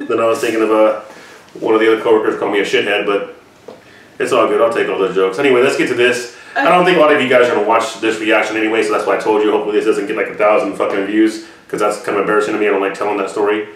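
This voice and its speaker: A man's voice: lowish voice, steady tone, very fast. A man hosting a reaction video, telling a rambling story to camera with heavy swearing. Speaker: reaction channel host. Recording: echoey room from far off.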